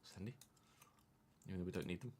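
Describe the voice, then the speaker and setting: A man's voice: sits low, fast talker, dark tone, husky. A man chatting casually on a live stream, muttering asides to himself and to chat.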